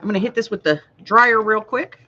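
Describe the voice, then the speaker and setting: A woman's voice: medium pitch, fairly quick, bright, forceful tone, lo-fi sound. A woman hosting a casual live craft class, playful and joking, laughing often. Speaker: crafting livestream host.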